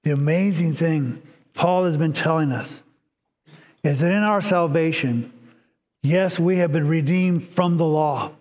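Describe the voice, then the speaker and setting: A man's voice: on the high side, unhurried, darkish tone. A man preaching a sermon as pastor, telling stories in an earnest, reflective way. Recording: long hall reverb.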